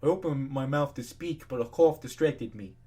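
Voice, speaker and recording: A man's voice: mid-range voice, moderate pace, dark tone. A young man casually reading fan fiction aloud, swearing freely and ranting in between. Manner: profane ranting, laughs at the text.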